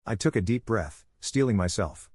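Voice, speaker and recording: Casting: low, husky male storyteller, measured read, dry close sound. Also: expressive, a little mellow, no room sound. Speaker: narrator. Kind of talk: scripted first-person story narration.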